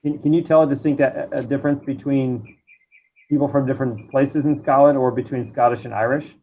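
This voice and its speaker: A man's voice: mid-range voice, steady tone, a little fast, a little hiss or hum. Inquisitive man, muffled lo-fi audio. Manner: inquisitive, stammering restarts. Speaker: podcast guest. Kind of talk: casual podcast chat. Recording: dull lo-fi audio.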